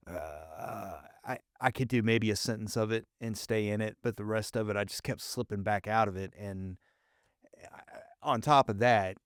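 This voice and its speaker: A man's voice: fairly low pitch, normal speed, no echo, clean studio sound. A man from the Southern United States with a faint Southern accent, hosting a podcast and telling easygoing stories. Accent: faint Southern American. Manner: easygoing, anecdotal storytelling. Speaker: podcast host. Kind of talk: casual podcast conversation.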